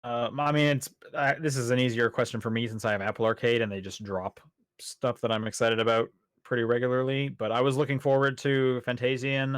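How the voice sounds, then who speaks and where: A man hosting a gaming podcast in a loose, rambling way, full of fillers and restarts. His voice sits at an ordinary pitch, close to the mic with a dry, dead sound and no room around it. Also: level tone, brisk, smooth, no room sound. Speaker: podcast host. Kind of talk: casual podcast chat. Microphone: podcast microphone.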